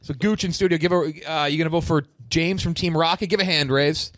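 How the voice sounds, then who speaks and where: A man's voice: fairly high pitch, a little fast, no echo, studio quality. A man hosting a casual group podcast, laughing and swearing as he runs a vote. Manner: laughing, swearing, lively moderating. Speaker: podcast host.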